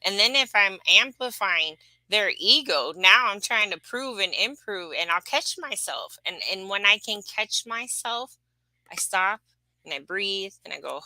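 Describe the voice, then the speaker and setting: A woman's voice: mid-range voice, lively intonation, normal speed, pushed and bright, no room sound, low-quality recording. A woman reading human design charts, talking casually and emphatically, rambling with fillers. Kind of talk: casual spiritual teaching chat.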